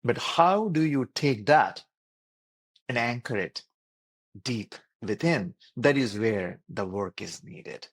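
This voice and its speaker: A doctor, speaking earnestly as a podcast guest and explaining with repeated phrases and lists. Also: male voice, medium pitch, lively intonation, takes it slowly, no echo. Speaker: doctor and wellness program creator.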